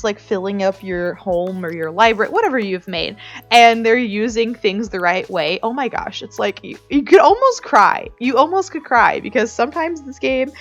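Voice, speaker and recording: A woman chatting casually over her building footage, sentimental and full of fillers and restarts. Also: medium pitch. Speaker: game builder and video creator. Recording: slightly dull audio with soft music beneath.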